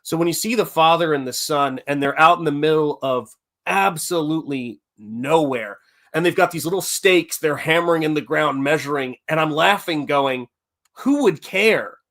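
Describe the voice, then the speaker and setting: A man's voice: fairly high pitch, moderate pace, a bit bright. A man talking casually as host about Westerns, rambling and correcting himself as he goes. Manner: rambling, self-correcting, enthusiastic fan talk. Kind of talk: casual chat about movies.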